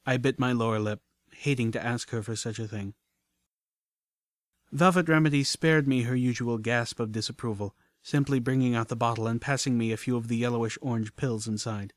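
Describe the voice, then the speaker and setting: A man reading a story aloud in the first person, earnest and steady. His voice sits mid-range and sounds close and dry. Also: medium pitch, fairly quick, no room sound. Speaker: audiobook narrator.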